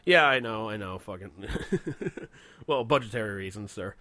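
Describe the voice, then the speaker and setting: A man's voice: lowish voice, expressive, measured pace, pushed and bright, dry recording. Laughing, profane man chatting on a podcast. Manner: laughs a lot, loose and profane. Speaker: podcast co-host. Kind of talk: casual chat.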